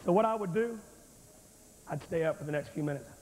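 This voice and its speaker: High-voiced preacher in a reverberant hall. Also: male voice, a little fast, a little mellow, a little hiss or hum. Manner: folksy, emphatic, addresses the crowd directly. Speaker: revival preacher. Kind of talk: revival sermon. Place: large church sanctuary with thousands present. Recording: reverberant hall on an old VHS tape.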